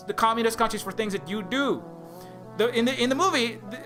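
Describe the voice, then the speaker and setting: An indie game developer ranting in a rambling, profane, sarcastic video commentary. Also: male voice, high voice, fairly bright tone.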